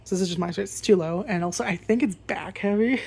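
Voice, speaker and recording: A woman's voice: mid-range voice, fast talker, creaky, darkish tone, husky. A woman vlogger telling a casual storytime rant, rambling and swearing freely with lots of fillers.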